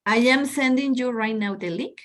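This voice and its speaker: A woman's voice: on the high side, normal speed, a bit bright. Woman teacher on a video call. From Mexico. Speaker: pronunciation teacher and guest speaker. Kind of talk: online presentation and chat.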